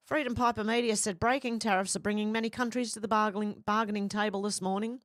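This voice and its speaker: Woman host, casual news commentary, rambling, exclaiming, mid pitch, dry close sound. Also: steady tone, quick pace, few pauses, no room sound.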